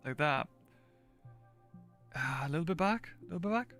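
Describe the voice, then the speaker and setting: A man's voice: a little high, expressive, normal speed, a bit bright, soft background music. A man chatting casually while streaming gameplay, thinking aloud, laughing often and talking to his chat. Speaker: game streamer. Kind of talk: casual livestream gameplay commentary.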